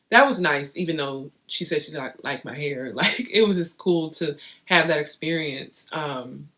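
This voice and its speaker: A young woman vlogging, chatting straight to her viewers in an animated, storytelling way. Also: low-pitched. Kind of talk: casual storytelling to camera.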